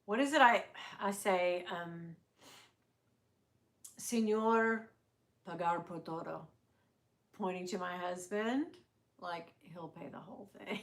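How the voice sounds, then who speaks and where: A middle-aged woman hosting a casual livestream, chatty and quick to swear and laugh. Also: fairly low pitch. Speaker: livestream host.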